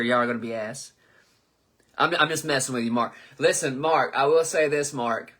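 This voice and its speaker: Reading viewer comments on a live comedy chat, the host, a southern American man in his twenties, jokes loosely, swears a lot and fumbles names. He speaks at a moderate pace in a mid-range, slightly bright voice.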